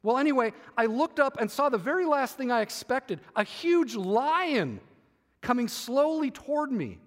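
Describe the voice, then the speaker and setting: A man reading the part of a troubled boy who was once a dragon, in a quiet confiding way. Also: extremely high pitch, very animated, normal speed. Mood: earnest. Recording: hall reverb.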